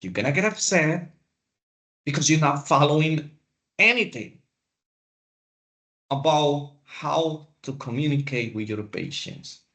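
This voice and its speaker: A man teaching a class, lecturing in a slow, deliberate way with pauses. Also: fairly high pitch. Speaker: instructor.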